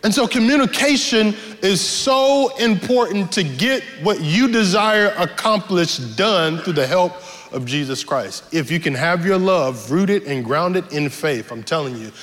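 A male pastor preaching a sermon in a church, animated and humorous, repeating key lines for effect. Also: a little high, unhurried. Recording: reverberant hall with faint music.

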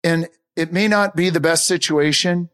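A man's voice: a little high, fairly even intonation, moderate pace, fairly bright tone, clear, resonant tone. A man giving an earnest, emphatic motivational talk on a podcast, telling a personal story. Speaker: podcast speaker.

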